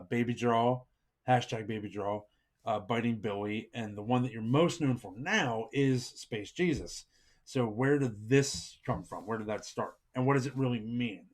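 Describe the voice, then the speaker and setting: Male podcast host, slow-paced and measured, middle pitch. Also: a little mellow. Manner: slow, measured questions with fillers. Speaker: interview host. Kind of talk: podcast interview.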